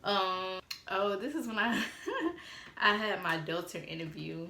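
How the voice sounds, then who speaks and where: A woman telling a casual storytime on her phone, animated and swearing freely as she quotes text messages aloud. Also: mid-range voice, a little slow, vocal fry, roomy sound, a little hiss or hum. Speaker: vlogger.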